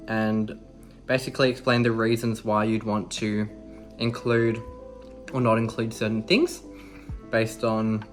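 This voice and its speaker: A young Australian man talking casually to the camera, chatty and relaxed, with an ordinary mid-range voice. Soft music plays faintly under him. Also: mid-range voice. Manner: upbeat, chatty, laid-back. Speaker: fitness vlogger. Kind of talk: casual vlog chat and training explanation.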